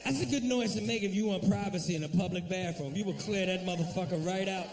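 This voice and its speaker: A man's voice: high voice, fast talker, gravelly, far from the mic. A man doing a profane, brash stand-up set, jumping in and out of acted-out voices. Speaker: stand-up comedian.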